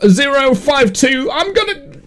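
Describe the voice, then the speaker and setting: A man voicing a confused male prison guard who shouts in disbelief. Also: very high voice, sing-song, measured pace, pitched above the performer's own voice, heavily acted. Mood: incredulous. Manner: incredulous, raised shouting.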